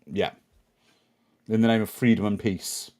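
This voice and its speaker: A man's voice: fairly low pitch, fairly even intonation, measured pace, darkish tone. A man co-hosting a film watch party, giving dry, explanatory commentary with asides about the film.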